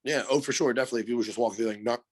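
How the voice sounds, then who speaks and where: A man's voice: mid-range voice, rapid-fire, darkish tone, dry recording. A man co-hosting a podcast, telling a long story in a rambling, profane way, full of fillers. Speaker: podcast co-host. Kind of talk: casual storytelling.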